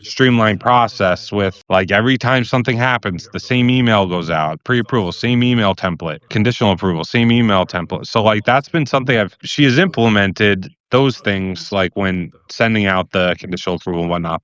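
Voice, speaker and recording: Hesitant loan officer, man, low smooth voice, muffled lo-fi call audio. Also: fairly bright tone, dry recording. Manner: hesitant, many fillers and restarts. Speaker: loan officer seeking advice. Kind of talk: casual chat.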